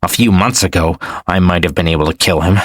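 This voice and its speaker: A man's voice: low-pitched, fast, no room sound, clean studio sound. A man voicing a resentful, scheming young nobleman who speaks tensely through gritted teeth. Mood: bitter. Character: ambitious young male noble, bitter and scheming.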